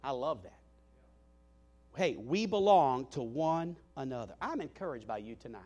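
A man preaching a sermon as a guest speaker in a church. He swings between loud emphatic calls and hushed tender asides, repeats his phrases and stumbles over restarts. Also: mid-range voice, animated, moderate pace. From Southern United States. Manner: stammering restarts. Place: church meeting hall.

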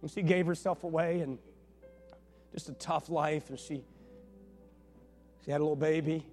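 A male pastor with a notably high voice preaches through a personal story. He talks casually and animatedly and slips into the voices of the people in the story. Soft music sits faintly underneath. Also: normal speed. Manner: conversational, animated retelling with quoted dialogue. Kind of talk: sermon storytelling.

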